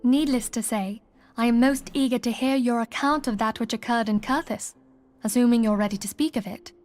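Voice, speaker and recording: A woman's voice: fairly high pitch, fairly quick, darkish tone, faint music behind, lightly acted. A woman voicing an earnest young leader in a video game, speaking with formal, gracious phrasing. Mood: warm.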